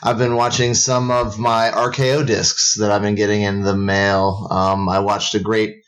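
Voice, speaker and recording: A man's voice: fairly low pitch, level tone, moderate pace, fairly bright tone. A man co-hosting a podcast in casual banter, laid-back, joking and swearing freely. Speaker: podcast co-host.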